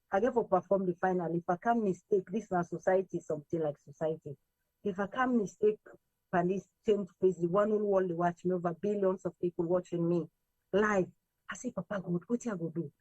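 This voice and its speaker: A woman from Sierra Leone with a Sierra Leonean accent, mixing in Krio, telling her story as an interview guest in a lively way, acting out what others said. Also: medium pitch, no room sound, lo-fi sound. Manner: lively, quotes others in raised voices, slips between English and Krio.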